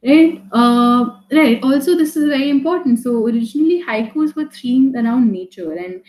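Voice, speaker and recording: A woman's voice: on the high side, normal speed, darkish tone, echoey room, low-quality recording. A woman teaching a live online poetry class, talking casually with many fillers and restarts, often checking in with "right?".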